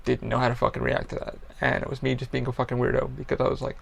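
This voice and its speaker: Male podcast host, gravelly, blunt and profane, rambling casual monologue. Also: mid-range voice, little pitch movement, fairly quick, pauses often, fairly bright tone, lo-fi sound.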